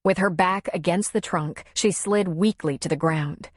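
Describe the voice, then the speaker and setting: A woman narrating a novel as an audiobook in a measured, even storytelling manner. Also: lowish voice, dry recording, studio quality. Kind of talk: scripted narration.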